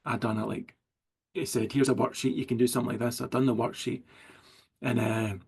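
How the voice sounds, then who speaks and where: A man's voice: medium pitch, flat delivery, fairly quick, gravelly, darkish tone, husky. A middle-aged Scottish man, a writer as interview guest, rambling through anecdotes full of likes and quoted dialogue. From Scotland. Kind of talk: casual storytelling chat.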